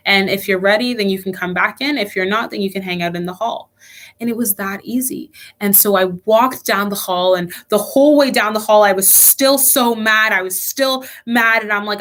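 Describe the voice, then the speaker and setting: A woman's voice: medium pitch, fairly bright tone. A young woman leading a children's church lesson online, telling a personal story earnestly with frequent restarts.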